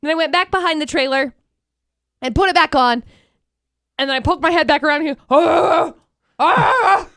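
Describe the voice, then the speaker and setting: High-voiced, lively young woman storyteller. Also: fast, long pauses, dry recording, studio quality. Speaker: radio show co-host. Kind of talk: casual chat, animated storytelling.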